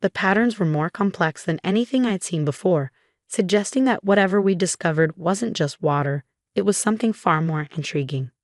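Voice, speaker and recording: A woman narrating a first-person story in a steady, even way. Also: fairly low pitch, normal speed, dry recording, studio quality.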